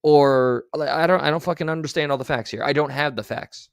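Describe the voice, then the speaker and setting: This man's voice sits on the high side, brisk and clear with a resonant tone and no echo. As a streamer, he offers blunt, sarcastic remarks peppered with profanity while clips play on his livestream.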